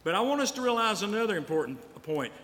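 Male pastor, storytelling sermon, a little high-voiced, in a church hall with long reverb. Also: very animated, fast, a bit bright. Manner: storytelling preacher, repeats lines for emphasis. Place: church sanctuary.

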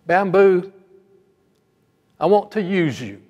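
A man's voice: sits high, expressive, takes it slowly, lo-fi sound, voice pushed up. A man voicing the grave, loving master of a garden in a sermon parable, speaking solemnly. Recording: long hall reverb.

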